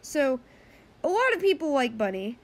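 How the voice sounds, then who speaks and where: A woman's voice: high voice, big pitch swings, normal speed. A woman hosting a casual gaming news roundup, chatty and rambling, often correcting herself mid-sentence.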